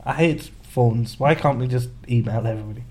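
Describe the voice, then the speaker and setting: A man's voice: medium pitch, fairly quick, a little mellow. A man co-hosting a podcast in casual chat, grumbling and teasing dryly. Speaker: podcast co-host.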